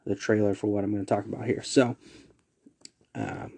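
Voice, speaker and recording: A male podcast host talks loosely into a desk mic, low in pitch and mellow in tone. He drifts into asides and chuckles at himself while reading out the week's listings. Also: wildly swooping pitch, moderate pace, vocal fry, husky. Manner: loose, rambling, laughs at his own asides. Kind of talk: casual solo podcast.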